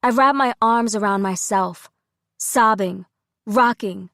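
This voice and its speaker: Brief: woman narrator, unhurried and steady, dry close-miked studio read. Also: medium pitch, no echo. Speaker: audiobook narrator. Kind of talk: scripted first-person narration.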